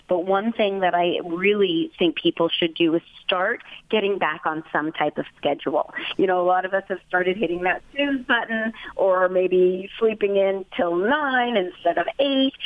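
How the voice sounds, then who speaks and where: A woman's voice: on the low side, dry recording. Woman giving pet advice over a phone line. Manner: chatty, encouraging, acts out gushing pet-owner voices. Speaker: pet expert guest. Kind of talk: casual advice on a phone interview. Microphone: telephone. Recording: dry, tinny phone line.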